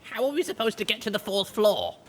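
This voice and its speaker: A man's voice: high voice, huge pitch swings, a little fast, fairly bright tone, a little hiss or hum, voice pushed up, exaggerated voice. A man voicing a determined young mare who leads and protects her friends, speaking earnestly. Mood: coaxing.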